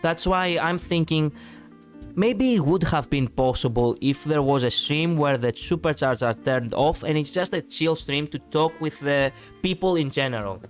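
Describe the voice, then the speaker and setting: A man's voice: on the high side, moderate pace, soft background music. A man from Greece with a Greek accent, chatting casually with viewers on a live stream, rambling with many fillers and restarts and laughing easily.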